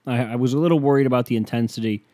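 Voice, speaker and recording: A man's voice: mid-range voice, rapid-fire, mellow, no echo. A young man from Ohio hosting a solo podcast, rambling, swearing and mocking himself, on a headset mic. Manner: profane, self-mocking, rambling. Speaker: podcast host.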